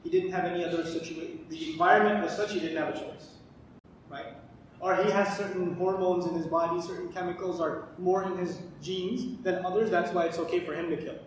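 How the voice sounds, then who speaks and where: A man's voice: steady tone, a little fast. Man lecturing in an echoey hall. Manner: asks questions and answers them himself. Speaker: Quran teacher. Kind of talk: lecture on Quran commentary. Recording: echoey hall, distant mic, faint rumble.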